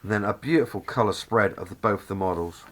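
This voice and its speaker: A man with a Norfolk accent and a fairly low voice, talking through a model kit in a loose, chatty way. He gushes with enthusiasm, wanders a little and keeps correcting himself mid-sentence. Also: fairly quick, a bit bright. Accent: Norfolk English. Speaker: scale model kit reviewer. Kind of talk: casual review walkthrough.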